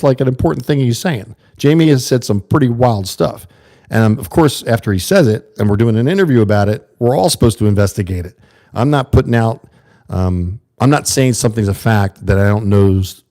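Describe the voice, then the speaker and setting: A man's voice: medium pitch, mellow. A man from the USA hosting a livestream, talking earnestly and rambling to his chat viewers in a casual monologue. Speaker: livestream host.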